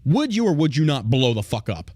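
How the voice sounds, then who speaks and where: In a clean, dry studio recording, a man with a mid-range, darkish voice speaks briskly and with great animation. He's a podcast host ranting angrily, swearing and hammering his points straight at his audience.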